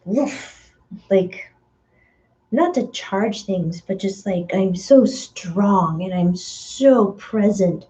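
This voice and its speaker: Slow, mellow-voiced woman giving a spiritual reading. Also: lively intonation, low-quality recording. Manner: slow, dreamy, searching for words with many fillers; acts out voices with sudden high outbursts. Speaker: spiritual medium. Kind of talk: energy reading monologue.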